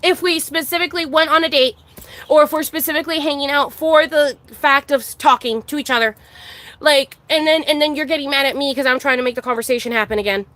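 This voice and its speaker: A woman's voice: sits high, fast talker, a bit bright, dry recording. A woman ranting casually to her viewers, exasperated, swearing constantly and restarting her sentences. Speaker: streamer. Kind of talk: casual venting monologue.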